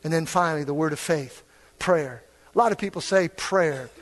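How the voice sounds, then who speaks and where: Older man, preacher, high voice, fiery sermon, quiet lows and shouted peaks. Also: normal speed. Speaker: pastor.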